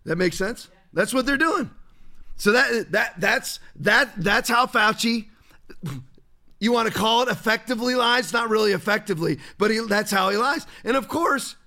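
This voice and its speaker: A man's voice: high-pitched, normal speed, sharp tone. A man hosting a commentary show, delivering a heated, rambling monologue full of restarts and stumbles. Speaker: pastor and show host.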